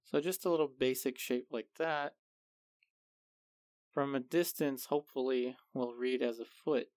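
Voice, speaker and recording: A man talks through a painting tutorial at a slow, patient pace, his voice carrying a gravelly edge. He explains each step calmly and methodically. The recording is close and dry, with no room sound. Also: medium pitch, no room sound. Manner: calm, unhurried step-by-step explaining. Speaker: art instructor.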